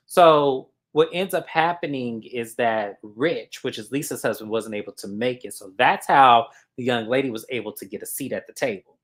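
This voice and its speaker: A woman hosting a casual reality TV recap, acting out what people said with big jumps in her voice. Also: moderate pace. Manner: animated, acts out quotes with big pitch jumps.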